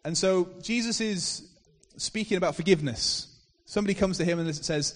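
A man preaching a sermon, retelling a parable with expressive storytelling that swells to loud emphasis. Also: sits high, moderate pace, few pauses. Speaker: pastor. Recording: reverberant hall.

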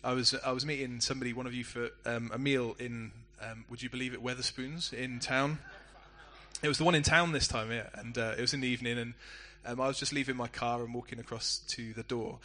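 A middle-aged man, a pastor preaching a sermon in a relaxed, conversational storytelling way with self-deprecating asides. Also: medium pitch, a little fast. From England.

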